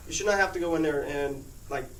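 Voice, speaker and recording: Speaking fast in a fairly high, fairly bright voice, a teenage boy shares a casual personal story with his class, laughing frequently as he rambles. The mic is distant, and the audio is noisy and echoey.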